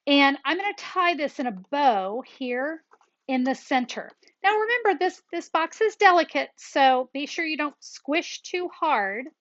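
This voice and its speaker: A woman's voice: high-pitched, fairly bright tone, no echo, muffled recording. A woman hosting a step-by-step card-making tutorial, chatty and upbeat, talking straight to her viewers as she works.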